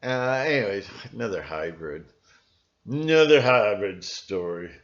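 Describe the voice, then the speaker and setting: A man talking in a rambling solo monologue, halting often with fillers and restarts. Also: fairly low pitch, expressive. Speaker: channel host. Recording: dull lo-fi recording.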